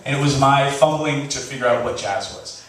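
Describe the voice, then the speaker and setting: A man telling a funny personal story on stage before a live audience, animated and laughing, acting out the voices he quotes. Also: medium pitch, brisk, recorded from a distance. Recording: echoey live hall recording, faint hiss.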